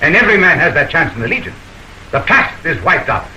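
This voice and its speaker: A bright, sharp voice belongs to a stern Legion captain. He declaims each line in a stirring way. Faint noise from an old film soundtrack sits behind him. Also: on the high side, very animated, fast talker, heavily acted, low-quality recording. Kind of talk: early sound film acting.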